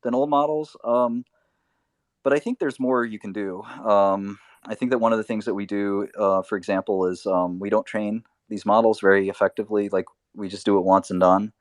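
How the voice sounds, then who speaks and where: A man's voice: on the low side, fairly even intonation, normal speed, no room sound, studio quality. A man hosting a live audio chat, thinking aloud in a rambling casual way with lots of fillers. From Albanian family background. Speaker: host. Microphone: remote voice chat.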